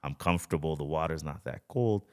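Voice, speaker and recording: Man, podcast guest, low voice, easygoing storyteller, casual chat, studio mic. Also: a little fast. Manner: relaxed storytelling, frequent "you know" and "like". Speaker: guest, spearfisher.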